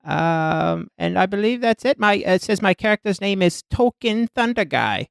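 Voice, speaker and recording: Man, tabletop player, high gravelly voice, very lively, dry sound. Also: moderate pace, dry recording. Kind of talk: casual tabletop game chat.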